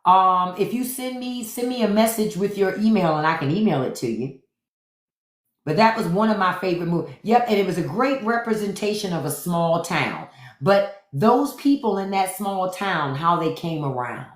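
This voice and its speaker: A woman's voice: medium pitch, animated, normal speed, reverberant. A woman host giving blunt, profane commentary to livestream viewers, repeating her points. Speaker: podcast host.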